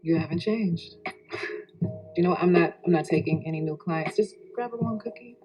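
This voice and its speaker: A woman's voice: on the low side, moderate pace, dark tone, soft background music, close to an everyday voice, rough recording. An actress playing a guarded woman who dryly brushes off a former lover in a TV drama scene. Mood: dismissive. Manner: dry, dismissive. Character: cool, guarded woman rebuffing an ex. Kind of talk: TV drama acting.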